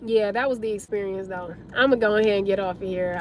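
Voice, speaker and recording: A young woman vlogger talking casually to her viewers, her voice raspy and going hoarse, emotional and chatty, calling them y'all. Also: medium pitch, quick pace, a little mellow, a little hiss or hum. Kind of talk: casual storytime talk to viewers.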